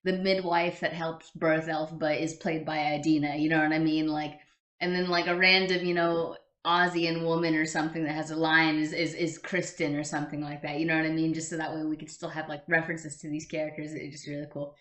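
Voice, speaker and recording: A woman's voice: low-pitched, level tone, fairly quick, fairly bright tone. A woman hosting a casual fan reaction show, chatty and gushing as she comments on clips. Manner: chatty, gushing, fond of throwbacks. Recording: echoey room.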